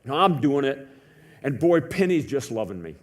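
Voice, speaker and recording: A man preaching a sermon in a church, telling a story in a conversational way, swinging from hushed to loud. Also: medium pitch, sing-song, moderate pace. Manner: conversational with many fillers. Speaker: pastor.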